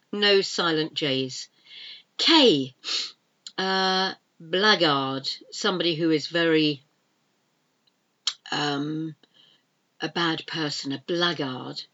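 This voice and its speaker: A low-voiced woman gives a pronunciation lesson at an unhurried pace, repeating each word and spelling it out letter by letter. The recording is slightly muffled and lo-fi. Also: a bit bright. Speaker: English teacher.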